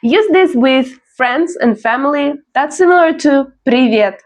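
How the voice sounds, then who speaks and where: Woman teaching, slow and careful. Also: high voice, animated. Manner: slow, careful pronunciation drills; explains in English, models phrases slowly for repetition. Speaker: language teacher. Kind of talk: beginner language lesson.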